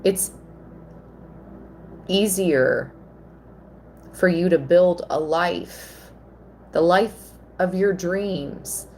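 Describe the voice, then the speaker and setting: A woman giving a live tarot reading, slow and earnest, at times emotional. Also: lowish voice, darkish tone, slight background noise. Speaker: tarot reader.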